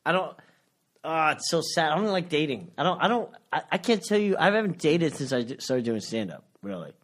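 Halting, stammering man in his forties. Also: fairly high pitch, sing-song, a bit bright. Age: 40s. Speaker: podcast guest, stand-up comic. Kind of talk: casual chat.

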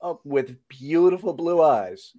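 A man's voice: a little high, lively intonation, takes it slowly, warm tone. A man in his forties, a comedian guest in a casual chat, joking at his own expense. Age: 40s. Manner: self-deprecating joker.

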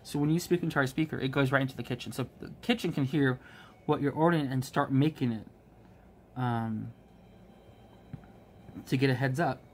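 A man of middle pitch tells a workplace story in an easy, rambling way. He fills his talk with ums and restarts and livens up when he quotes others. A faint hiss sits under the recording. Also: normal speed, pauses often. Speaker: vlogger, restaurant manager. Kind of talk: casual storytelling while crafting.

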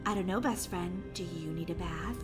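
A woman's voice: on the low side, moderate pace, faint music behind, voice pushed down, lightly acted. A woman voicing an evil female android babysitter who stutters and repeats syllables as she glitches. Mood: menacing. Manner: stuttering robotic repetitions.

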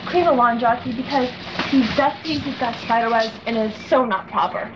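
A spoiled, bossy rich wife, played by a woman in a comedy skit, chatty and whiny. Her voice sits high. The recording is dull and lo-fi under a loud hiss. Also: normal speed, lightly acted. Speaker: wrestling boss's wife in a skit.

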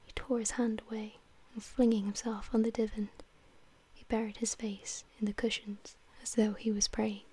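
A woman narrating a classic novel in a soft whisper into a close microphone, in whispered role-play style. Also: on the high side, level tone, normal speed, slightly rough. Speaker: ASMR narrator. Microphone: close mic.

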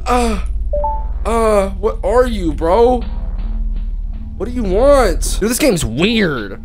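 A man's voice: sits high, takes it slowly. Jumpy, slangy man streaming a horror game. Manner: jumpy, excitable, yelps when startled; casual slang, calls the game bro and dog. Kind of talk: live gameplay commentary. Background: game music.

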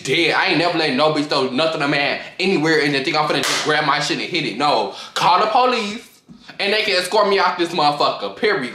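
A young man telling a profane, animated storytime to his vlog audience, often breaking into laughter. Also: on the high side. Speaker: vlogger. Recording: echoey room.

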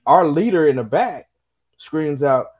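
A young man on a podcast, telling army stories in casual, profane, animated chat and acting out the people he quotes. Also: on the high side, measured pace. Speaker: podcast co-host.

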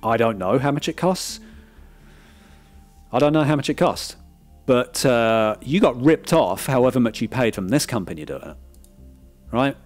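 A man's voice: medium pitch, expressive, normal speed, pauses often, faint music behind. Frank man reviewing a disc. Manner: frank, repeats "right?" often, restarts words. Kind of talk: casual critical review.

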